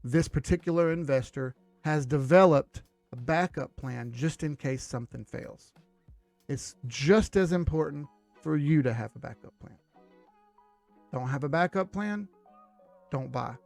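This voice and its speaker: Gravelly, emphatic man teaching trading. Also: fairly high pitch, a little slow, darkish tone, no room sound, soft background music. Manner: emphatic, direct. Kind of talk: instructional talk to viewers.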